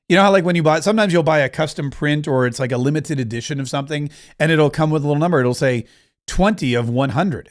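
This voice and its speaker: A middle-aged man hosting a casual livestream, rambling and joking as he reads out viewer comments. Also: fairly high pitch. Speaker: livestream host.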